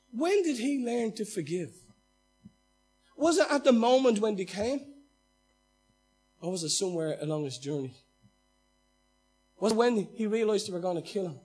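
Man, pastor, sermon, very high voice, husky, animated, faint music behind. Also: normal speed, long pauses. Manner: animated preaching, acts out quoted speech, swings between loud and hushed.

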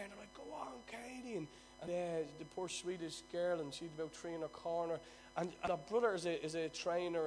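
High-voiced Irish preacher. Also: male voice. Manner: storytelling, swings between loud bursts and quiet asides. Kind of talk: sermon.

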